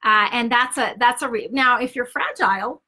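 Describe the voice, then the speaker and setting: Woman speaker, bright and a little high-pitched, conversational relationship teaching with frequent check-ins. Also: normal speed. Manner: acts out quoted dialogue with shifts in tone. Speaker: Christian speaker and author.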